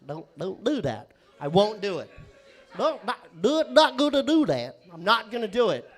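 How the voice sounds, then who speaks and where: Man, stand-up comic, high voice, very lively pitch, crude, rambling, club stage mic. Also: moderate pace. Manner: crude, rambling, self-interrupting; bursts into shouting. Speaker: stand-up comedian. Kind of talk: stand-up set.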